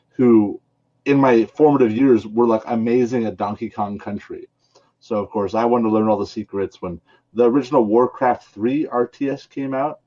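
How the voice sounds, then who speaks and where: A man's voice: lowish voice, darkish tone, dull audio. A man talking as a guest on a podcast in a casual, playful, teasing way.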